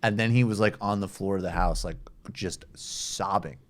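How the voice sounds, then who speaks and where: A man's voice: sits low, moderate pace. A man hosting a political podcast, talking casually in a sardonic, profane way. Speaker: podcast host.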